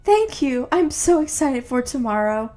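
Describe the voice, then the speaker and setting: A woman voicing an eager young woman character who speaks brightly in a fan-fiction reading. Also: high-pitched, animated, slow pace, heavily acted. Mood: excited. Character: excitable young woman, the listener.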